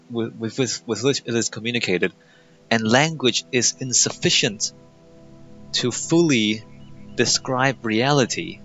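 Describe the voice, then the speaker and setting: A man's voice: mid-range voice, bright, forceful tone. A young man in casual gameplay commentary, sarcastic and mocking as he reads game dialogue aloud. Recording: muffled lo-fi mic over faint game music.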